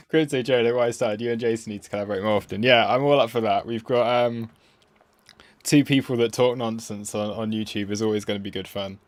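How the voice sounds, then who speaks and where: A man's voice: mid-range voice, fairly quick, no room sound. A man hosting a casual live stream about crypto trading, rambling and self-mocking as he reads the chat aloud.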